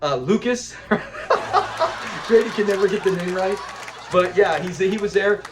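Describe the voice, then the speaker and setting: High-voiced excitable male reviewer. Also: unhurried, crowd noise, noisy background. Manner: excitable, laughs a lot, acts out lines. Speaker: episode reviewer, channel host. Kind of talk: casual video commentary.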